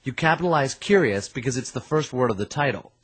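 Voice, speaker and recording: Husky man narrating a lesson. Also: medium pitch, lively intonation, fast. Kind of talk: scripted instructional narration.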